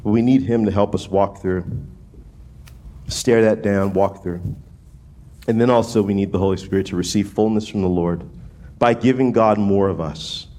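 A man from New Orleans preaching a sermon in a casual, animated way, often restarting phrases and checking in with "right?". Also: on the low side, moderate pace, pauses often. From New Orleans, USA. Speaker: pastor.

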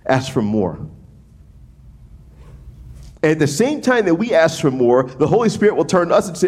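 Guy from new orleans preaching, real lively up-and-down voice, chatty, lots of "right?". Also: on the high side, normal speed, pauses often, breathy edge. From New Orleans, USA. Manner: animated, casual preaching with frequent restarts and "right?" asides. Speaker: pastor. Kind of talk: sermon.

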